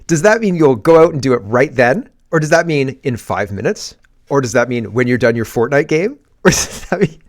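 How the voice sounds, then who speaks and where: A man hosting an opinionated political commentary show, sarcastic and animated, laughing as he rants. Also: medium pitch, moderate pace.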